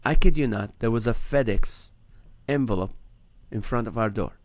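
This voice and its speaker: A comedian hosting his own nightly live stream tells a personal story to a live audience as a kind of testimony, full of earnest energy and acting out the dialogue. His voice is mid-range and normal in speed, and the recording is dry.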